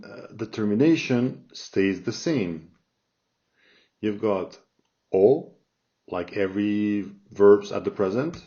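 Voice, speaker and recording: Working through a grammar chart, this male Spanish teacher speaks slowly in a lowish, slightly mellow voice, repeating forms and asking "all right?" along the way. The sound quality is dull and lo-fi.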